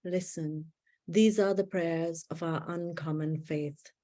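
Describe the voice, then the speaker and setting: Woman poet, unhurried live poetry reading, warm low voice, measured pauses, video-call audio. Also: fairly even intonation. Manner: measured, deliberate phrasing with long pauses. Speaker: poet reading her work. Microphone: video call setup.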